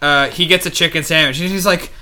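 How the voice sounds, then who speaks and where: A young man chatting casually on a podcast, telling animated work stories and jumping into high voices to quote people. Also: fast talker, a crowd in the background. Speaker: podcast co-host. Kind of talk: casual chat.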